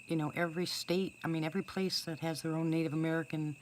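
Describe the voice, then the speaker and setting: A woman's voice: low-pitched, flat delivery, fast talker, a little hiss or hum. A woman casually chatting with livestream viewers, greeting them by name and calling out whoops. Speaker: livestream host talking to viewers. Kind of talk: casual live chat outdoors. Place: outdoors in woods at night.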